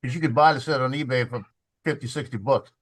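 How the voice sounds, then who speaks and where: A man chatting casually on a live stream, telling animated stories full of restarts. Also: mid-range voice, fast. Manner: animated, restarts and laughs a lot. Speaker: guest on live chat stream. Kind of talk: casual chat, storytelling.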